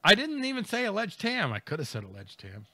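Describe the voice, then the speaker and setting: A man with a bright, fairly high voice hosts a podcast, reading news aloud and cracking jokes. He laughs often and slips into mocking voices. The sound is dry and close. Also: fast, dry recording. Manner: animated, laughing, mock voices. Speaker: podcast co-host. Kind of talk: comedic news commentary.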